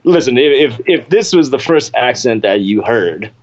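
A young man from Memphis, an actor talking as a podcast guest, animated and self-deprecating with frequent laughter. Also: mid-range voice, normal speed, husky. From Memphis, Tennessee. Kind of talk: casual interview. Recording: slightly dull lo-fi sound.

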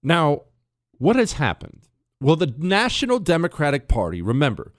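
A man's voice: a little high, big pitch swings, normal speed, dry recording, clean studio sound. A middle-aged American man hosting a talk radio show, delivering an opinionated, sarcastic monologue full of restarts and asides. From United States. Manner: combative, sarcastic, rambling with restarts. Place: radio studio.

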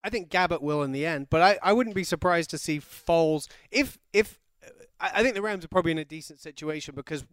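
A man's voice: a little high, quick pace, a bit bright, dry recording. A man chatting as a panelist on a sports talk show, upbeat and playful. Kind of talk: casual sports chat.

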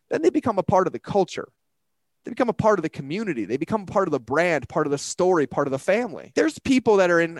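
A man talking as a business coach in a casual, animated way, full of slang and acted-out quotes. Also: high voice, no room sound.

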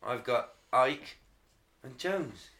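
A man's voice: mid-range voice, animated, drawn-out words, fairly bright tone. A man in his thirties co-hosting a podcast, joking and swearing in casual banter. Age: 30s. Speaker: podcast co-host. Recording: roomy echo.

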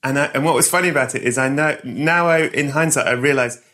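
A man's voice: medium pitch, fast talker, sharp tone. An English man hosting a podcast, chatting casually and telling his own story with frequent laughs. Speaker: podcast host. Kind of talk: casual chat, telling stories.

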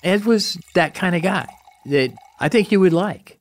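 A man's voice: high-pitched, normal speed. A man in a documentary interview, telling an anecdote in an amused, chatty way. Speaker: interviewee, storyteller.

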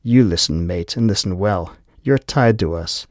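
A man's voice: low voice, moderate pace, dry recording, clean studio sound, natural voice. A man voicing a tough male operative who threatens in clipped, blunt phrases. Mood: menacing.

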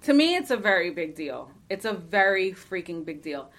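A woman's voice: fairly low pitch, sing-song, normal speed, fairly bright tone. A woman co-hosting a casual podcast, talking emphatically and passionately, cursing freely and laughing often, and at times reading a listener's letter aloud. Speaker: podcast co-host.

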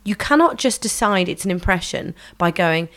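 A woman from England in casual podcast chat, animated and swearing freely as she mimics singers. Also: lowish voice, moderate pace. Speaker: podcast co-host.

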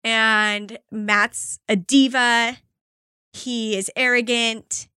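A woman co-hosting a podcast in casual chat, talkative and quick to laugh. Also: fairly high pitch, little pitch movement, sharp tone, smooth, dry recording, clean studio sound. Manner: chatty, laughs often. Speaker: podcast co-host.

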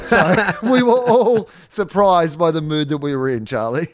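A man's voice: mid-range voice, big pitch swings, moderate pace, hardly any pauses, no room sound, clean studio sound. An Australian man in early adulthood, a comedian co-hosting a podcast, telling a long story with swearing and laughter. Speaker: podcast co-host and stand-up comedian. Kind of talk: casual chat.

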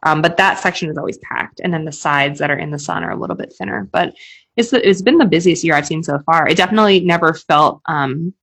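A woman's voice: sits low, quick pace, vocal fry, fairly bright tone, breathy edge. A woman chatting as a podcast guest, speaking casually and saying "like" a lot. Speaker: podcast guest, interviewer of athletes.

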